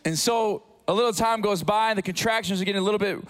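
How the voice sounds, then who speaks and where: A man in his thirties, a pastor preaching a sermon in church, telling a story with big swings from hushed to loud. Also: high voice, fast talker. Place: church sanctuary.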